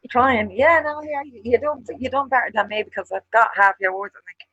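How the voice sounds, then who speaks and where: Woman, Dublin Irish accent, casual swearing co-host, husky. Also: on the high side, a little fast, no room sound, dull audio. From Ireland. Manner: swears often, animated storytelling. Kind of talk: casual chat.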